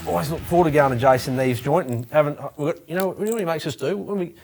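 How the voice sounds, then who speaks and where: An Australian man hosting a racing show, brisk and teasing in casual chat. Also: fairly high pitch, vocal fry, music in the background.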